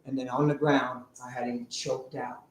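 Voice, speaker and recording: A man telling his recovery story to a live audience, animated and sometimes shouting. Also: medium pitch, moderate pace. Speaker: speaker sharing a recovery story. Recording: very echoey room, faint noise.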